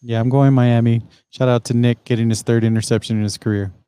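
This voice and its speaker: A man's voice: medium pitch, little pitch movement, quick pace, warm tone, clean tone, dry recording. A man on a podcast giving brief game picks in casual chat, with many fillers.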